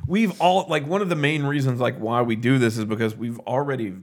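A man's voice: mid-range voice, fairly quick. A young man co-hosting a casual group podcast, rambling with frequent restarts and laughing often. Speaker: podcast co-host.

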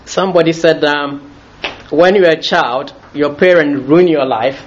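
Lively, laughing male preacher. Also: on the high side, unhurried, muffled recording, a little hiss or hum. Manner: lively, jokey, often laughing as he talks. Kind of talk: sermon.

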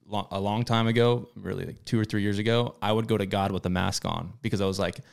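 A man's voice: fairly low pitch, steady tone, fast, gravelly, clean tone. A young married man co-hosting a faith podcast, talking in a casual, enthusiastic way. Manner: casual, enthusiastic, calls people bro. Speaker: podcast co-host. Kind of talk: candid faith podcast chat.

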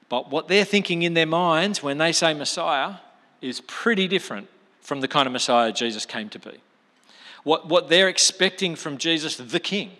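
A man giving a chatty, animated sermon, acting out the people in the story. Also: a little high. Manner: animated, acts out quotes with slang like mate. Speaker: preacher. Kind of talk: conversational sermon. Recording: long hall reverb.

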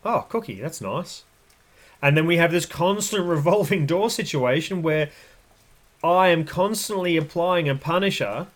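A man hosting a podcast, explaining dog training in a blunt, emphatic way. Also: fairly high pitch. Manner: blunt, emphatic, acts out voices. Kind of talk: casual explanatory podcast talk.

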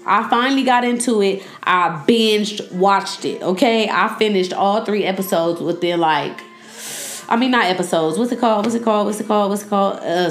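A young woman hosting a podcast in a casual, joking chat style, loud and animated. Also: medium pitch. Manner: loud, joking and animated, talks back to the screen. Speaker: podcast host. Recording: echoey room.

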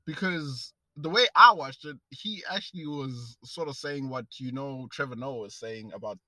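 A young South African man co-hosting a podcast, chatting quickly, acting out quotes and laughing. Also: medium pitch, pushed and bright, dry recording, low-quality recording. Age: young adult. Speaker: podcast co-host. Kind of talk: casual chat.

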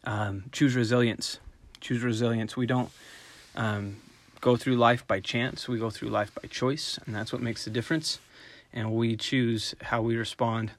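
A middle-aged man, a dog trainer, giving a relaxed, conversational talk on raising puppies and sometimes acting out short voiced examples. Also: medium pitch, unhurried. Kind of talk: casual instructional talk.

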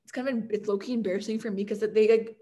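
A young woman from Canada telling stories in a casual interview, chatty and animated, full of "like" fillers and laughter. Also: medium pitch, quick pace. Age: young adult. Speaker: guest, college football kicker.

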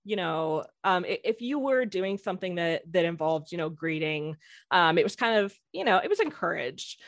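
A woman's voice: on the low side, lively intonation, normal speed, no echo, studio quality. A woman telling stories as a guest on a casual podcast, rambling with many fillers and restarts. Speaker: guest, former theme park employee.

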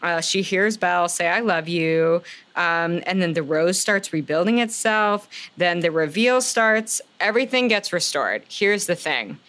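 A woman's voice: lowish voice, lively intonation, a little slow, fairly bright tone. A woman co-hosting a podcast, recapping a movie in casual chat, swearing often and talking bluntly. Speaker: podcast co-host.

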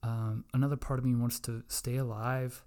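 A man's voice: mid-range voice, flat delivery, moderate pace, mellow. A young man hosting a casual solo podcast, rambling, profane and self-mocking. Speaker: podcast host.

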